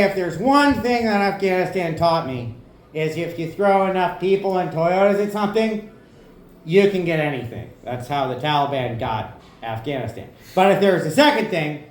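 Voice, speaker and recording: A man doing a stand-up set in a comedy club, talking casually and profanely, often asking "right?". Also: high-pitched. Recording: echoey club room.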